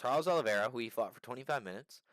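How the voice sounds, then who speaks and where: A young man talks fight predictions in loose slang, cursing and tripping over his own words as he gets worked up. His voice swings widely up and down at a middling pitch. It sits close and dry on the mic. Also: no echo. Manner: animated, swearing, slangy, rapid restarts. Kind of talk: casual fight breakdown.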